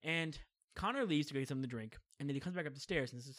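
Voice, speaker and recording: A young man telling funny family stories in casual chat, animated and often acting out what people said. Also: medium pitch, fast talker. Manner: animated, acts out quoted voices, laughs often.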